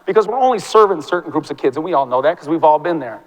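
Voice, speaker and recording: High-pitched guy in his 40s, teacher talking fast and fired up on stage, big hall with long echo. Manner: fast, animated and impassioned storytelling. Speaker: teacher giving a conference talk. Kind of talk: motivational stage talk. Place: large classroom or hall. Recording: long reverb from a large hall.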